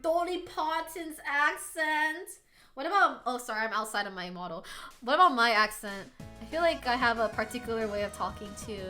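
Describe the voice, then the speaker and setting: Giggly american girl streaming, squeaky high voice, faint music going behind. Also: animated, fast, sharp tone. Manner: giggly, laughs often, chatty and rambling. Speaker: live streamer. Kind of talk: casual chat.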